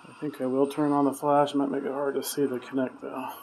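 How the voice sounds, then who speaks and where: A man on a solo ghost-hunting vlog in a dark hotel room at night, talking in a hushed voice and calling out to spirits. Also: mid-range voice, completely flat delivery, fairly quick, a little hiss or hum. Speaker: paranormal investigator.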